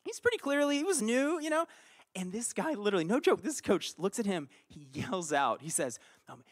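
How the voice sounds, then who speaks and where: A male pastor with a fairly high voice delivers a casual, story-driven sermon. He talks like a friend, dropping to near-whispered asides and then surging loud with excitement. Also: brisk, husky. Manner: animated storyteller, swings between quiet asides and loud bursts. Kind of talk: conversational sermon with personal story.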